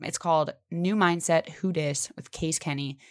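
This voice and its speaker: A woman's voice: moderate pace, no room sound, clean studio sound. A young woman hosting a casual motivational podcast, talking emphatically and swearing casually. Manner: emphatic, swears casually, animated pitch jumps. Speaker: podcast host.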